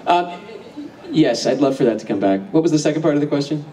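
A man answers fan questions from a convention stage, laughing often and swearing freely. His voice swings up and down in pitch. He sounds far from the mic, with a crowded hall murmuring around him. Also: animated, quick pace, a crowd in the background. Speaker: voice actor guest at a convention panel. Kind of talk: casual convention Q&A, profane and joking. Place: large convention hall with audience.

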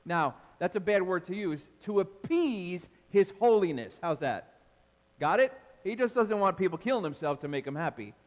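Male pastor, high lively voice, energetic sermon, long hall reverb. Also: normal speed. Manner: animated preaching, calls out to the congregation. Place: large church hall.

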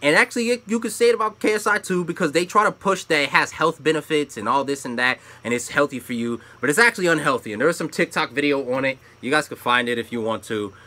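A young man hosting his own opinion commentary channel, ranting with profanity and swinging between loud outbursts and low asides. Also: quick pace, few pauses.

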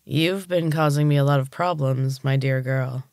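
A storybook narrator voicing a cruel man who runs a gym, speaking slowly and menacingly. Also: medium pitch, fairly even intonation, a little mellow, no echo, clean studio sound, natural voice. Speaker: villain. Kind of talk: audiobook character reading.

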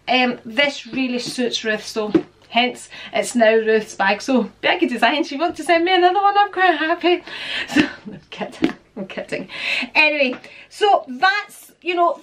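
A woman's voice: high voice, measured pace, background noise. A woman vlogger chatting casually through a product review, rambling and friendly.

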